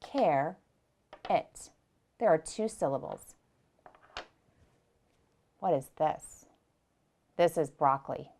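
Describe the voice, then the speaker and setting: Patient preschool teacher woman, low voice. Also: lively intonation, slow pace, creaky, pauses often. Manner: gentle, patient, speaks to small children and repeats instructions. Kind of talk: slow, clear lesson for young children.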